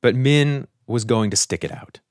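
A man's voice: medium pitch, moderate pace, dry recording, studio quality. A man hosting a podcast, narrating a script and interviewing a guest in a playful, conversational way. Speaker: podcast host. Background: music.

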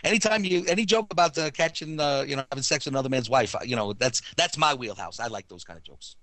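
A man, a stand-up comedian, talking casually as a radio guest with quick, chatty restarts. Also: medium pitch, lively intonation, a bit bright, a little hiss or hum.

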